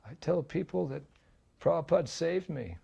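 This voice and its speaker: A man voicing a simple, devoted young man in high, eager, sing-song quotes. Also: animated, moderate pace, creaky, warm tone, husky, exaggerated voice.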